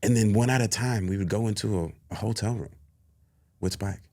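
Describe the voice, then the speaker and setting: Low-pitched male actor, thirties, animated anecdote teller who laughs often and acts out others' lines. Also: fairly quick. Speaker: guest actor. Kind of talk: animated storytelling.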